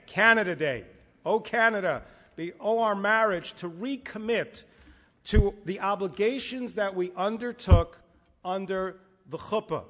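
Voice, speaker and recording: Man, rabbi, Torah class, lively storytelling, high voice, long hall reverb. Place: synagogue hall.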